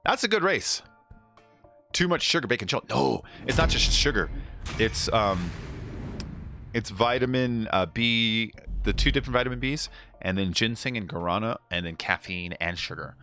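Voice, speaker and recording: A man's voice: on the low side, expressive, moderate pace, bright, forceful tone, soft background music. A man streaming a racing game, chatting casually, rambling and laughing as he reads chat aloud.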